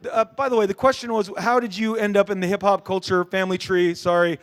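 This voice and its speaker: A middle-aged man talks to a convention crowd in a rambling, animated way. His voice sits high for a man. He trips over fillers and restarts and slips into voices for the people in his story. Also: fast talker. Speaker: comic creator on a convention panel.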